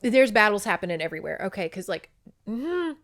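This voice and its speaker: Woman podcast host, excitable, profane, chatty, book recap with read-aloud passages, dry close sound. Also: medium pitch, fairly quick, dry recording.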